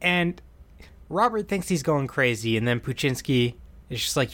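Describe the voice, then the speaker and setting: A man's voice: mid-range voice, expressive, moderate pace, fairly bright tone. A man co-hosting a casual podcast, animatedly retelling a film's plot, acting out quoted lines and laughing often. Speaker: podcast co-host recapping a film. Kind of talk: casual chat.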